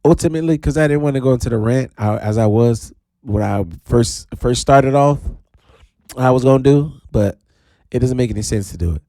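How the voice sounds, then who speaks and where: A man hosting his own radio talk show, talking in a playful, animated way with sudden high drawn-out calls. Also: no room sound, studio quality. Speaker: radio DJ host. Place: radio studio.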